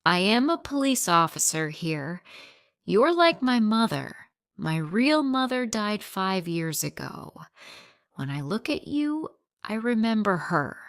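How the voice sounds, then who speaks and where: A woman reading a gentle police officer. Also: mid-range voice, very animated, slow pace, dry recording, clean studio sound, heavily acted. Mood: sympathetic. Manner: gentle, comforting, simple sentences. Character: kind middle-aged male police officer.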